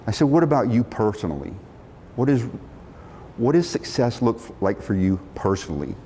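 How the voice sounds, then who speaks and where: A middle-aged man telling a story from his working life, animated, acting out the quotes. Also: moderate pace. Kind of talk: storytelling talk. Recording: long reverb of a hall, faint rumble.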